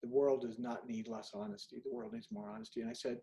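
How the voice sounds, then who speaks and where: A man's voice: medium pitch, steady tone, fast, vocal fry, warm tone, poor audio. A middle-aged man, an author being interviewed, telling candid anecdotes and acting out bits of dialogue. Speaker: author guest. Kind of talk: storytelling in an interview.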